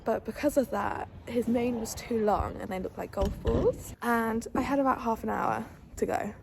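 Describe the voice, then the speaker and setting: A woman's voice: fairly high pitch, fairly even intonation, moderate pace, creaky, background noise. A young woman, chatting casually in a vlog about her horse and talking fondly to him. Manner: chatty, fond baby-talk to her horse. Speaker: equestrian vlogger.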